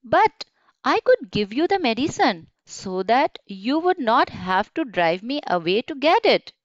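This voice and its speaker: A gloomy storybook dragon who breathes fire only to cook his food, talking slowly and plaintively, as a woman reads him aloud. His voice rises and falls with a lively, sing-song lilt, close and dry. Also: a little high, dry recording, dull audio. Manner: plaintive, reasoning. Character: sad grumbling male dragon who cooks with fire.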